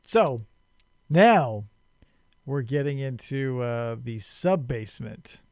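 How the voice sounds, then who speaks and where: A man's voice: medium pitch, expressive, slow pace, darkish tone, no echo, clean studio sound. A man hosting a podcast who retells a story in a rambling, sarcastic and profane casual chat. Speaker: podcast host.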